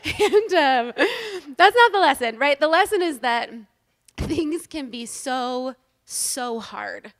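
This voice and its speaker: A woman giving a humorous, self-deprecating inspirational talk to a live audience on stage, animated and joking. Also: high voice, slow pace. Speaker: inspirational speaker at a women's event.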